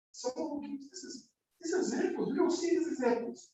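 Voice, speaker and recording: A man's voice: extremely high pitch, animated, brisk, mellow. Man preaching casually in an echoey hall. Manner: casual, slangy preaching that acts out everyday dialogue. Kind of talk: informal sermon. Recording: echoey hall, distant mic, faint noise.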